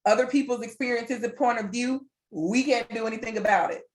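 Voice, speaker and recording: A woman's voice: a little high, fairly quick. Earnest woman presenting a wellness webinar. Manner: earnest, encouraging, repeats phrases for emphasis. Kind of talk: motivational webinar talk.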